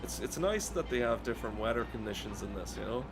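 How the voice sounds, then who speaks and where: A man's voice: mid-range voice, lively intonation, quick pace, over music. An Irish man streaming a driving game at home, ranting in a rambling, profane way. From Ireland. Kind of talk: casual gameplay commentary.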